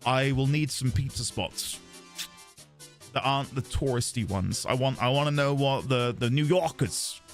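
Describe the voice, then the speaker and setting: A British man streaming a video game, chatting casually with his viewers, quick to laugh and self-deprecating. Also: medium pitch, soft background music. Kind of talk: casual live-stream chat.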